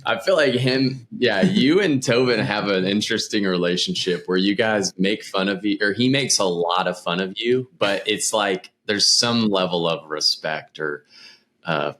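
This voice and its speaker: A man's voice: fairly low pitch, moderate pace, fairly bright tone. A man co-hosting a podcast in casual chat, rambling and self-deprecating. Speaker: podcast co-host.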